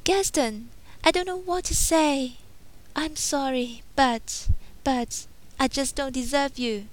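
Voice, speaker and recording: Belle, a high sweet young woman, as a reader puts her on. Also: takes it slowly, low-quality recording. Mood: flustered. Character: young woman, gentle and earnest. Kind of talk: storybook read-aloud.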